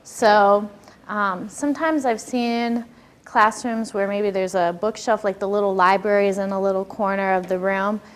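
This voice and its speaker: A woman's voice: medium pitch, fairly even intonation, normal speed. A woman giving a workshop lecture on classroom behavior, talking conversationally and asking her audience questions.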